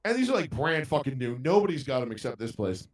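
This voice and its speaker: A man's voice: medium pitch, big pitch swings, fast. A man telling a story in casual podcast chat, ranting with heavy profanity. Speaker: podcast co-host. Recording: roomy sound from a distant mic.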